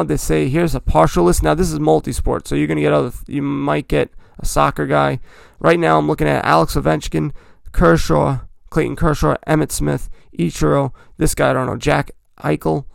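A man with a slightly high, creaky voice hosts a podcast, rambling chattily about his hobby and correcting himself as he goes. The recording is dry and clean, with studio quality.

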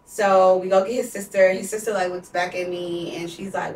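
Speaking at a moderate pace, a woman in her twenties with a voice on the low side keeps her intonation fairly even and sounds a little mellow. A bit of hiss or hum is present. She co-hosts a podcast and recounts a personal story in an emotional, candid way full of "like," recorded in a roomy space away from the mic.

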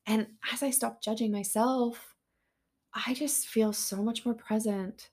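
A woman hosting a podcast, talking openly and earnestly in a casual, heartfelt monologue that turns excitable at times. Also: fairly high pitch, a little slow, slightly rough. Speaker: podcast host.

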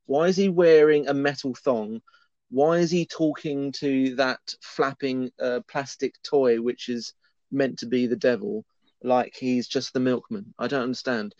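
A man co-hosting a casual film review chat, incredulous and quick to laugh. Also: mid-range voice, fairly even intonation, a little mellow, no echo. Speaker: podcast co-host. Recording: slightly dull lo-fi mic.

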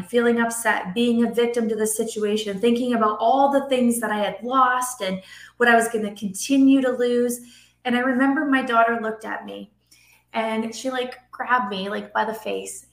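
A middle-aged woman talking as a podcast guest in a casual interview, animated and acting out quotes with a raised voice. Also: fairly high pitch, moderate pace. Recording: echoey room.

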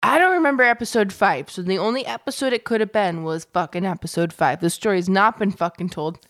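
A tipsy young woman co-hosting a podcast, loud, profane and giggly. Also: mid-range voice, a little fast. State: drunk. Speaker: podcast co-host. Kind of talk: tipsy casual chat.

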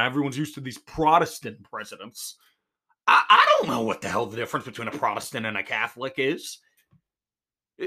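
A man's voice: fairly high pitch, bright, forceful tone. Rambling sarcastic young man. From New Jersey. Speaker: podcast host. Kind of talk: solo rambling comedic monologue.

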